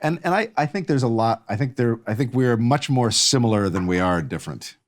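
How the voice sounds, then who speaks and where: A man trades jokes and opinions as a podcast guest. His pitch swings widely as he talks, at a middle register overall, and his delivery stays animated. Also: a little fast. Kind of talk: casual chat.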